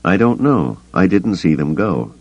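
A man voicing a decisive male starship captain who gives brisk orders, on a dull, lo-fi cassette recording. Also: low voice, sing-song, darkish tone, no room sound, pitched above the performer's own voice, full character voice. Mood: commanding.

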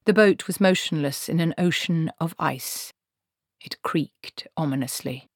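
A woman reading a fantasy audiobook in a steady, measured storytelling manner. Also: low voice, dry recording, studio quality. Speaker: audiobook narrator. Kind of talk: scripted fantasy narration.

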